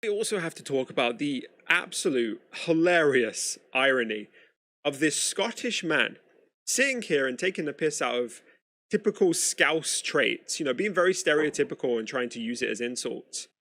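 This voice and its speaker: A man's voice: a little high, animated, moderate pace, a bit bright, no room sound. A man reacting to a video, arguing back in a blunt, exasperated, lecturing way. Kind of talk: argumentative reaction commentary.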